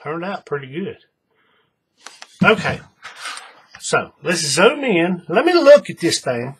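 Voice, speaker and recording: A man's voice: a little high, very animated, slow, fairly bright tone, slightly rough. A man hosting a hands-on craft tutorial, chatting in a folksy way to his viewers while he works. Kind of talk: casual hands-on craft demonstration.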